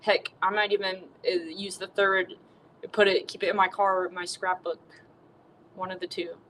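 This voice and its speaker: A woman's voice: medium pitch, flat delivery, normal speed, fairly bright tone, slight background noise, lightly acted, rough recording. A woman voicing an earnest, polite male cowboy who uses folksy exclamations.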